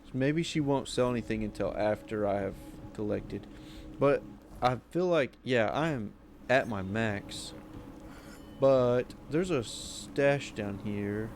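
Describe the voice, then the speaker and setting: A man's voice: medium pitch, takes it slowly, darkish tone, a little hiss or hum. A man giving casual, rambling commentary as he plays a video game, talking to himself. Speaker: gaming streamer.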